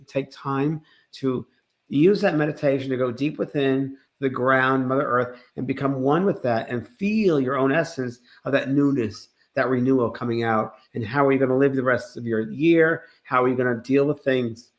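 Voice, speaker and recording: A man co-hosting a spiritual talk show, speaking earnestly and rambling with restarts, sounding a little sick. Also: medium pitch. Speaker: co-host, medium.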